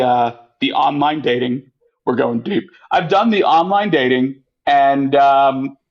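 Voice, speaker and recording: A man guest on a podcast, chatting casually and acting out quotes in lively voices. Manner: animated, acts out quotes with pitch jumps. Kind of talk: casual storytelling chat. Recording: muffled lo-fi audio.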